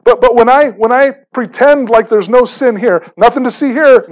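A man's voice: very high-pitched, normal speed, few pauses, low-quality recording. A man preaching a sermon in a conversational, emphatic way, often repeating words as he starts phrases. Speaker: pastor.

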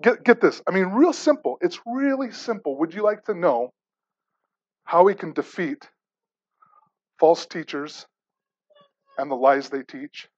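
A man's voice: high voice, lively intonation, a little slow, pauses often, a little mellow, lo-fi sound. A man preaching a sermon as pastor, repeating rhetorical questions and restarting words with stammers.

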